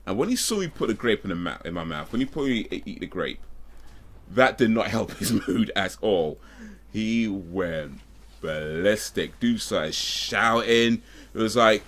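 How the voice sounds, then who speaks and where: A man's voice: fairly low pitch, lively intonation, unhurried, fairly bright tone. A man, streaming and casually telling a rambling story, often correcting himself and breaking off with asides. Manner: rambling, self-correcting, with frequent fillers and asides.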